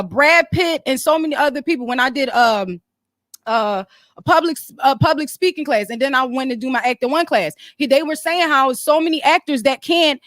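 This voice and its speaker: A woman's voice: high voice, a bit bright, dry recording, studio quality. A woman hosting a casual livestream chat, rambling and easily sidetracked as she talks. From Philadelphia. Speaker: host.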